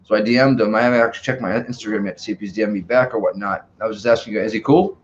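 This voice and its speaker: A man's voice: on the low side, steady tone, racing. Rambling man with lots of fillers. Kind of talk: casual chat. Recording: dull lo-fi stream audio.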